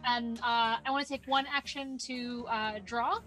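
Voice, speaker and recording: A high-voiced woman playing a tabletop game. She chats freely, laughs often and corrects herself as she goes. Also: fairly even intonation, a little slow, bright, forceful tone, faint music behind. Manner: chatty, laughing, self-correcting. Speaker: player. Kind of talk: casual tabletop game play.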